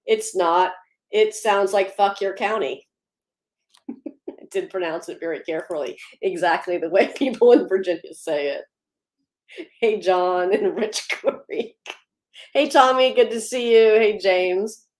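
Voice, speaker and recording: A woman hosts a casual livestream in an upbeat, chatty way, greeting viewers by name and laughing easily as she runs through policy news. Her voice sits at a middle pitch. The room around her sounds echoey. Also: measured pace, a little mellow. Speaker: livestream host.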